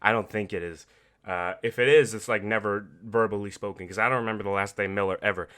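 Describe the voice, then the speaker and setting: A man hosting a podcast, casually recapping a game late at night, animated and profane, laughing often. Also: on the low side, fast. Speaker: podcast host.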